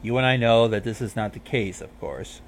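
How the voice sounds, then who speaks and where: A man's voice: fairly low pitch, animated, normal speed, creaky, slight background noise. A man voicing a regal, stern night princess mare who speaks formally and commandingly.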